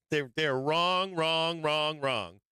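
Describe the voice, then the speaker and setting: Forceful, profane man talking markets. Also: a little high, very slow, clean tone, no room sound. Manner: profane, blunt, emphatic; laughs between points. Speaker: stock market show host. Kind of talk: live-streamed market commentary.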